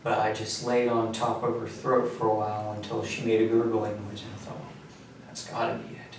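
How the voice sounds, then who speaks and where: A young man in his twenties, an inmate recounting events in a flat, matter-of-fact way during a prison interview. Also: on the low side, fairly quick. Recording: very echoey room, distant mic, faint hum.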